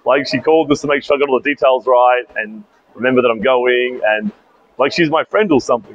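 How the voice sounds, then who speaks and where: A man's voice: mid-range voice, a little fast, lo-fi sound, slight background noise. A young Australian man casually telling a story to camera in a chatty vlog, outdoors at a bus station. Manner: chatty, animated retelling with asides. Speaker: vlogger.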